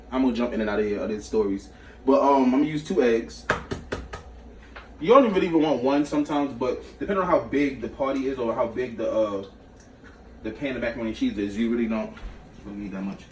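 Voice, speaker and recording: A man's voice: mid-range voice, brisk, long pauses, far from the mic. Slangy New man in an echoey kitchen. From New York. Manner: slangy, chatty, jumps between recipe and stories. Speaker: cooking show host. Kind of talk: casual cooking vlog storytelling. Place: small home kitchen. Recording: echoey room, away from the mic, faint noise.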